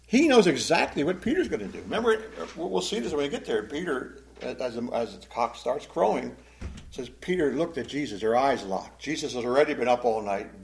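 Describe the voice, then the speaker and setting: A man teaching a Bible class as a pastor, emotive, swinging between loud emphasis and hushed, sad tones. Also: medium pitch, low-quality recording.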